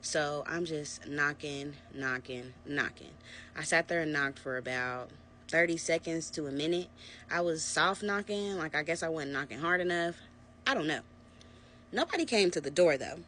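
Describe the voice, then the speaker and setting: A young adult woman narrating a personal story to her viewers in a casual, animated storytime vlog. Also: low-pitched, normal speed, a little hiss or hum. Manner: animated, conversational storytelling, addressing viewers as "y'all". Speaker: vlogger.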